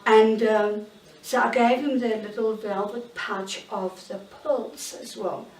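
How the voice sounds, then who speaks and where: A woman in her sixties giving a candid, halting personal account in an interview at home. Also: a little high, fairly even intonation, a little mellow. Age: 60s. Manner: candid, halting, searching for words. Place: bedroom in her own home. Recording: roomy sound, mic at a distance.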